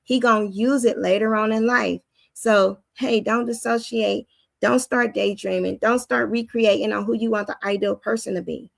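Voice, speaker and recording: A woman with a high, youthful-sounding voice giving an informal spoken teaching on faith, preacherly and often acting out the voices she quotes. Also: fairly even intonation, moderate pace, creaky, dry recording.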